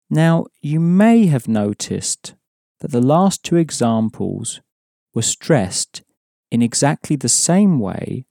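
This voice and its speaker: Male language tutor, mellow and steady, dry studio read, patient and explanatory. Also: medium pitch, gravelly, dry recording. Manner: patient, explanatory, prompting the listener. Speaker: language teacher. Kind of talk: audio language lesson.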